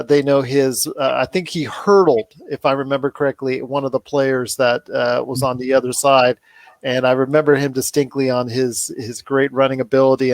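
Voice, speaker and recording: A male podcast host keeps the conversation light and upbeat, wrapping up with his guest. His voice is mid-pitched and ordinary. The recording is dry and close, with no room echo. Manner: upbeat, friendly host banter. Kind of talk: casual interview chat.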